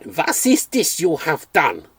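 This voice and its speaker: A man voicing a fat, enraged middle-aged German vet in a corny German accent, spluttering and blustering, higher and louder than his own voice. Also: huge pitch swings, slow, husky, no echo, heavily acted. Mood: raging. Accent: corny put-on German accent.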